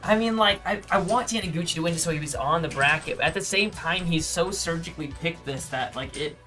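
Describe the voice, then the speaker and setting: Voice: mid-range voice, fairly quick, sharp tone. A co-commentator talking through a live air hockey match. The speech is loose and rambling, full of fillers, over faint background music. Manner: rambling, casual, many fillers.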